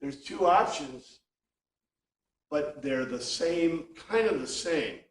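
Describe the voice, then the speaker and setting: A man with a somewhat high voice and lively intonation leads an informal Bible class for a small group, speaking slowly and thinking aloud with frequent restarts. The classroom is echoey, and he stands far from the mic.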